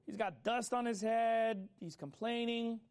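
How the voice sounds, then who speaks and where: A man's voice: very high voice, smooth. A man preaching a sermon in a casual, conversational way, acting out people's complaints and urging listeners to get up and act. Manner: fast, animated delivery. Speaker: pastor.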